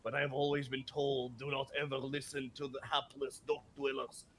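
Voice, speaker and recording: A man's voice: medium pitch, little pitch movement, moderate pace, fairly bright tone, a little hiss or hum, voice pushed down, lightly acted. A man voicing a sheltered, fanciful young noblewoman writing her diary, with a put-on Scottish accent and a prim, melodramatic reading manner. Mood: dreamy. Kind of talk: reading aloud in character.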